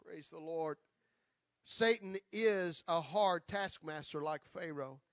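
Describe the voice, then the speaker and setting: A man preaching an altar call sermon, repeating pleading invitations, swelling loud and then dropping soft. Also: fairly high pitch, takes it slowly, no room sound, dull audio. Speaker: guest preacher.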